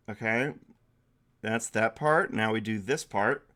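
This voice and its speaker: A man's voice: fairly low pitch, slow, bright, forceful tone. A man acting as game master and streamer, narrating a tabletop game and thinking aloud as he draws. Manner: casual, thinking aloud while drawing.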